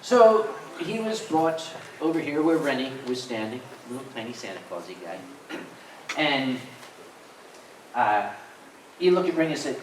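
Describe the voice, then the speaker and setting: Animated Southern man telling stories in a roomy hall. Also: medium pitch, moderate pace. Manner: animated, comic storyteller. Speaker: convention staff panelist. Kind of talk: storytelling to a live panel audience. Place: convention panel room. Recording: roomy hall, distant, faint noise.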